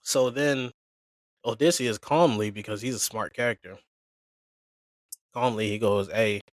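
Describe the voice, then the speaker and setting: A man's voice: lowish voice, measured pace, no echo, clean studio sound. A man casually retelling a story on a podcast, acting out the characters' lines in slang. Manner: animated retelling with slangy acted quotes. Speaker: podcast co-host.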